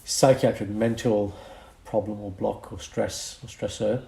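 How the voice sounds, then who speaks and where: A man who is a doctor and podcast co-host, explaining a medical condition in a casual, lively chat. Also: fairly low pitch, unhurried, vocal fry. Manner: explains medical topics, lively, slips into mock accents.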